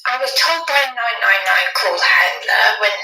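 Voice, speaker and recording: A woman's voice: mid-range voice, animated. Frightened woman, echoey bathroom. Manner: tearful, halting, hushed, repeats herself. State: shaking and frightened. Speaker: vlogger recording herself. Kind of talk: distressed self-recording. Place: locked small bathroom. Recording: echoey, far from the mic, faint music.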